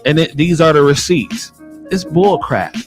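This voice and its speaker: An American man hosting a nursing podcast, reading news items aloud and reacting bluntly with animated exclamations. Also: a little high, a little slow, over music. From United States. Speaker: nurse podcast host. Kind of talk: casual commentary on news articles.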